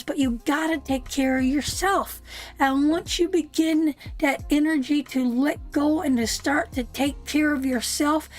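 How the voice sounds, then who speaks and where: A woman giving a live tarot reading. She is soothing and emphatic, keeps calling the listener sweetheart, and swears now and then. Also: high-pitched. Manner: soothing, repeats "sweetheart" often, emphatic and earnest. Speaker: tarot reader.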